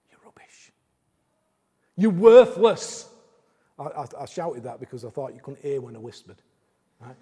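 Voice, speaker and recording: A man preaching a sermon who repeats his phrases and swings between loud, fast bursts and quiet, slow lines. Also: mid-range voice, vocal fry, breathy edge. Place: church service in a large hall. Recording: long reverb of a large hall.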